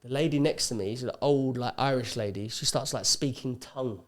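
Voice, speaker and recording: A man spins a casual story as a podcast guest, his pitch sitting in an ordinary middle range. He talks in an animated way and acts out other people's lines as he goes. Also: fairly quick.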